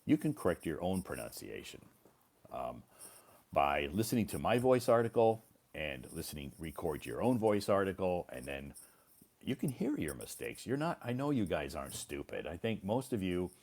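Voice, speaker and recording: A man's voice: low voice, very animated, moderate pace, darkish tone. A male English teacher giving a casual live-stream lesson, explaining patiently and repeating words for learners. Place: living in China.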